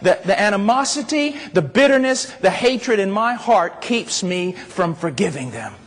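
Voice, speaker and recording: A man preaching a sermon, animated and rising to shouts as he acts out scenes. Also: high-pitched, moderate pace. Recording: long reverb of a large hall.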